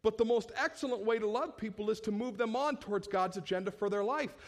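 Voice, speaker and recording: A male pastor with a high-pitched voice preaches a sermon at a quick pace, packing it with rhetorical questions. His delivery swings between loud bursts and hushed tones.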